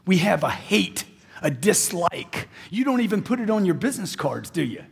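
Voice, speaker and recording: A man's voice: high voice, sing-song, moderate pace, creaky, slightly rough, long reverb tail. A man giving a live sales seminar speech, intense and emphatic, repeating phrases for punch. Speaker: motivational sales speaker.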